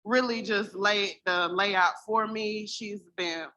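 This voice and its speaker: Woman from south carolina chatting to a crowd, bright voice, earnest. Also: medium pitch, fairly even intonation, slow. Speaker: event attendee. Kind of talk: telling a story to a live audience.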